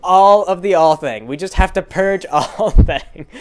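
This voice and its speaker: A man doing a loud bossy adventurer. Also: sits high, big pitch swings, moderate pace. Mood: alarmed, commanding.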